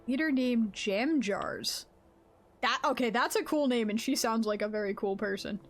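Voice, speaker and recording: A woman live-streaming a game, chatting casually with her viewers in an excitable, laughing way. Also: fairly high pitch, moderate pace. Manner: greets chat viewers mid-game.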